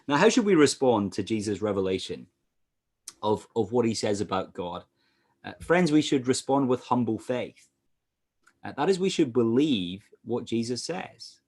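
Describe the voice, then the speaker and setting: A Scottish man preaching as a pastor over a video call, animated, with frequent "uh" fillers. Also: mid-range voice, moderate pace, husky. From Scotland. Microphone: computer mic on a video call.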